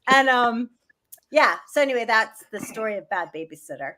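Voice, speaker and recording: A middle-aged woman, a guest musician, telling stories in a casual, rambling interview with lots of "like" and animated asides. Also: on the high side, normal speed, heavy background noise. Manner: rambling, heavy use of "like", animated.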